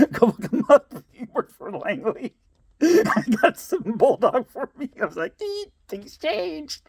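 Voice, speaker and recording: A man tells his story to the camera in a loose, casual monologue, breaking into laughter often. His delivery is blunt and streetwise, with a lively voice that rises and falls a lot. The sound is dry and close. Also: extremely high pitch, measured pace, slightly rough, no room sound. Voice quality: laughs often while talking. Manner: blunt, animated, streetwise advice. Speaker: vlogger.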